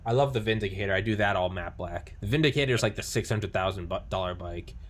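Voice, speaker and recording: A man's voice: fairly low pitch, fast. Rambling, profane man chatting casually. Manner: rambling, profane, many fillers and restarts. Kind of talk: casual chat.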